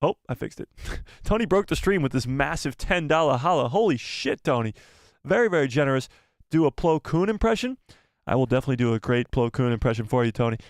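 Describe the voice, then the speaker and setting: Chatty young man with a gravelly edge. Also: medium pitch, expressive, fairly quick, dry recording, clean studio sound. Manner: chatty, laughs often, thanks donors. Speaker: live-stream host. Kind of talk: casual live-stream chat.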